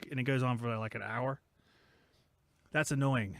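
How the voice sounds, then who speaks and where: A man's voice: mid-range voice, fairly even intonation, normal speed, gravelly, long pauses, a bit bright. A man hosting a casual livestream podcast, jokey and rambling with self-mocking asides. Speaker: podcast host.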